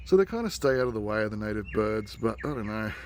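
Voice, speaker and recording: Out in a bushy rural yard alive with birds, an Australian man films a nature vlog for his nephews. His voice is on the low side and fast, with slight background noise. He chats enthusiastically, then goes quiet around the animals.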